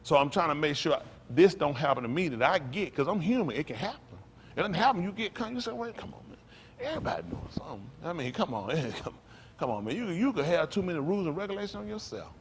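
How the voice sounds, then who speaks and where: An expressive, fast-talking pastor preaches conversationally, speaking directly to the congregation and calling out to them as he repeats phrases. His volume swings between low murmurs and loud raised lines. Some faint hiss or hum can be heard.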